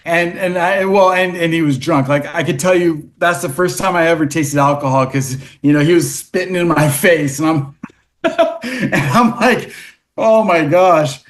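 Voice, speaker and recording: Rambling man telling stories, fairly high. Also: normal speed. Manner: rambling, with frequent restarts and fillers; animated when recounting events. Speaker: podcast guest. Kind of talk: casual storytelling.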